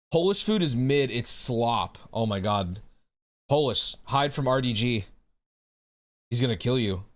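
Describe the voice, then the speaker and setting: A young man talks loosely on a livestream, answering his chat. He swears freely and laughs often, in an easygoing, middle-pitched voice. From United States. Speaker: streamer. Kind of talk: casual livestream chat, reading chat aloud.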